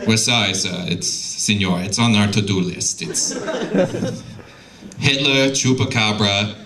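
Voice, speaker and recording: A man's voice: on the low side, a little slow, a crowd in the background. A man playing a polite, apologetic official. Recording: loud noisy live club recording.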